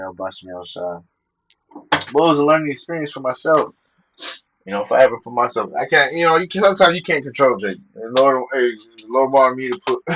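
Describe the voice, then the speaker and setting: A man's voice: medium pitch, fairly bright tone, muffled recording, slight background noise. A man talking casually and profanely, telling personal stories and quoting scripture, laughing between his points.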